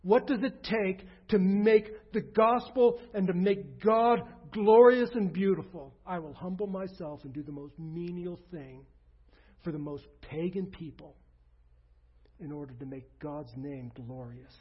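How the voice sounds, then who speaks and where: A man preaching a sermon as pastor, earnest, often dropping to a soft low voice. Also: unhurried, breathy edge, lo-fi sound.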